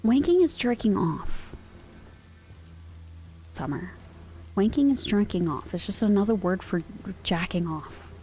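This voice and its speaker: A woman's voice: medium pitch, animated, unhurried, pauses often. A woman streaming ASMR, slipping between whispers and crude, playful banter with her chat. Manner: soft whispers mixed with joking banter; crude and playful, laughs often.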